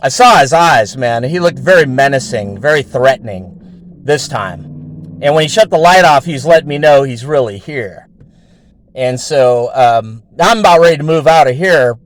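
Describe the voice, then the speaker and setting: A man's voice: fairly high pitch, dry recording. A man hosting his own show, telling a story in a rambling, casual way with heavy swearing and lots of fillers. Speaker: show host.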